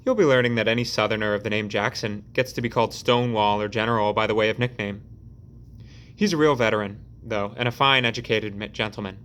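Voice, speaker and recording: A man voicing a boisterous middle-aged construction boss who talks loudly and heartily, in an audiobook reading. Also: fairly low pitch, fairly even intonation, fast talker, close to an everyday voice. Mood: amused. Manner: loud, roaring and jovial.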